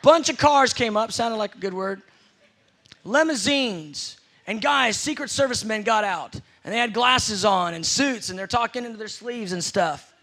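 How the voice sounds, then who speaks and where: A man's voice: high voice, animated, moderate pace, fairly bright tone. A man preaching a sermon, telling stories with playful acted-out scenes.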